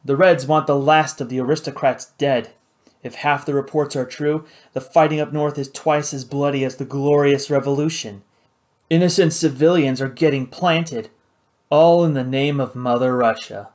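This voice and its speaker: A man's voice: medium pitch, fairly even intonation, moderate pace, a little mellow, close to an everyday voice. A man doing a blunt, wry pilot hero. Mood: urgent. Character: tough, blunt male pilot hero, dry-witted. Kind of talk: audiobook character voice.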